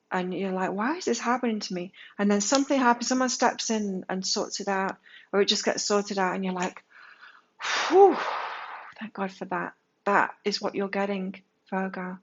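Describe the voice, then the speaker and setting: Woman doing a tarot reading, casual and frank, a bit dull lo-fi sound. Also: medium pitch. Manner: candid and animated, swears casually. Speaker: tarot reader.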